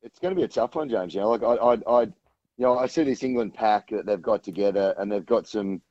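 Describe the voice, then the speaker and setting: A man's voice: fairly low pitch, fairly quick, mellow, dry recording, muffled recording. A man talking rugby as a guest on a sports radio show, rambling with many restarts. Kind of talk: casual radio chat.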